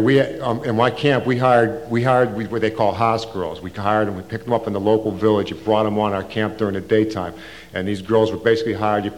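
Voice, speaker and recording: Older man telling his story in a low voice. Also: a little mellow. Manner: rambling, casual, with frequent restarts and slang. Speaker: Vietnam veteran recounting his service. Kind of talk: oral history storytelling.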